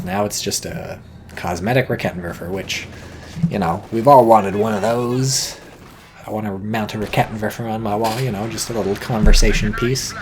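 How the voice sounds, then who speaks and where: A man giving casual, rambling game commentary, joking and swearing and getting excited as things happen. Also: lowish voice, slight background noise. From not British. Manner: rambling, jokey, swears freely, gets excited.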